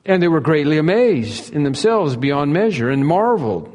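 Earnest preacher in a reverberant hall. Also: male voice, a little high, sing-song, moderate pace, a little mellow. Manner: earnest, repeats key phrases for emphasis. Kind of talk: expository sermon. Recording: long reverb of a large hall.

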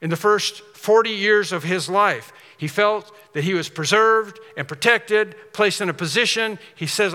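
A man preaching a sermon, telling a story in an animated way and then closing earnestly toward prayer. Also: high voice, a little slow, few pauses, long reverb tail. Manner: animated storytelling, shifts to soft earnest close.

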